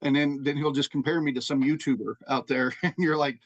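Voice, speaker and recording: A man's voice: medium pitch, fairly even intonation, fairly quick. A man co-hosting a podcast in casual chat, telling stories in a rambling, profane way full of restarts. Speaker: podcast co-host.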